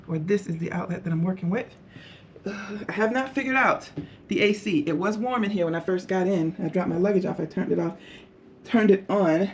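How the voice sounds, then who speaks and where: A woman's voice: mid-range voice, mellow, slight background noise. A middle-aged woman filming a casual tour of her hotel room, exclaiming and laughing often. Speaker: travel vlogger. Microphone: handheld camera.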